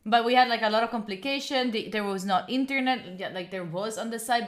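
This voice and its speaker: A woman's voice: mid-range voice, a little fast, hardly any pauses. A woman, rambling casually to her live viewers with lots of filler words and the odd swear. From Italy. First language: Italian. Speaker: study streamer.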